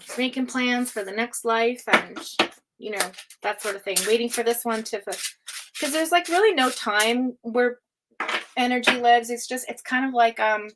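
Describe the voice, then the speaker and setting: A woman's voice: a little high, moderate pace, heavy background noise. Chatty woman doing a tarot reading. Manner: chatty, filler-heavy, laughs often, swears casually. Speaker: tarot reader. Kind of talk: live-stream psychic reading.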